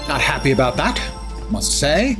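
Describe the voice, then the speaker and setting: A man's voice: fairly high pitch, big pitch swings, moderate pace, over music. Wry man streaming a game. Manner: wry, self-mocking asides. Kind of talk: casual gameplay commentary.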